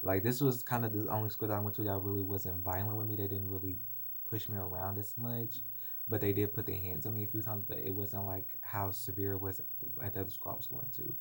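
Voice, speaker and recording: Young man with a low voice, confiding. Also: flat delivery, a little fast, mellow. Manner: emotional, rambling, apologetic. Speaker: vlogger. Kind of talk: personal storytelling to camera.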